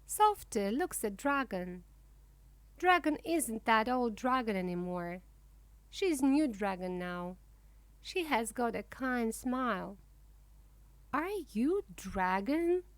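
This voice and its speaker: A woman reading a children's storybook aloud in simple, clear first-person storytelling. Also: a little high, lively intonation, slow, no room sound. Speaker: storybook reader.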